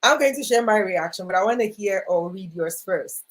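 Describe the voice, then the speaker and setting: A woman's voice: mid-range voice, animated, normal speed. A woman speaking at a live online workshop, encouraging and repetitive, reading viewers' comments aloud. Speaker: voice coach speaker.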